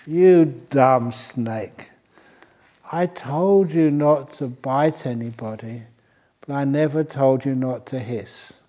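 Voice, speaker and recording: A man's voice: mid-range voice, slow pace, mellow, close to an everyday voice. A man doing a wise old snake, scolding. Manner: scolding, then patiently explaining. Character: wise, holy male snake, blunt teacher.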